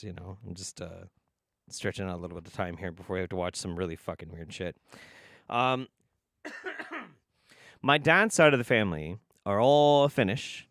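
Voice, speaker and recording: Animated, swearing livestream host. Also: male voice, on the low side, no room sound, studio quality. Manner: animated, profane, laughs often. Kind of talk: casual livestream chat.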